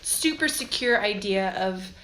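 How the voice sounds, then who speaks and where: A young woman co-hosting a casual tarot chat, halting and giggly, with lots of fillers. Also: medium pitch, expressive, fairly bright tone, poor audio. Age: young adult. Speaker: tarot co-host.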